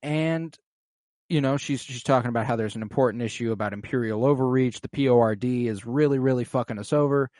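A man co-hosting a casual podcast, recapping a TV episode and acting out lines with animated, profane commentary. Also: mid-range voice, fairly quick, no room sound, clean studio sound. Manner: animated, swearing, acts out quoted lines. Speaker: podcast co-host.

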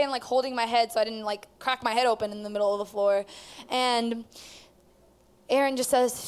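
A woman's voice: fairly high pitch, fairly even intonation, fairly quick, clear, resonant tone. A woman telling her personal testimony at church, rambling with many fillers as she tells the story. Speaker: student giving testimony.

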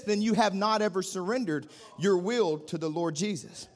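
A man preaching a sermon, swelling into a singsong cadence and easing down into quiet prayer. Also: sits high, moderate pace. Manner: preaching with rising fervor, singsong cadence, drops to soft prayer. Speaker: pastor.

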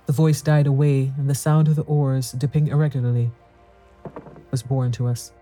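Deep, mellow male storyteller. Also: flat delivery, moderate pace, faint music behind. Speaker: narrator. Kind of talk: scripted horror story narration.

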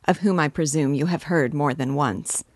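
A timid male office messenger, fussy and overly polite, as a woman reads him. He speaks in a low voice with a dry, close sound. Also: moderate pace, dry recording. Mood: deferential.

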